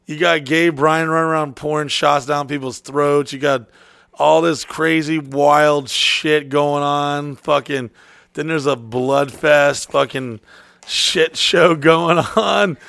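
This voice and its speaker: A man co-hosting a casual podcast chat, a laid-back, profane storyteller who often drops to a low mutter. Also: steady tone, slow pace, gravelly, fairly bright tone, no echo. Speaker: podcast co-host.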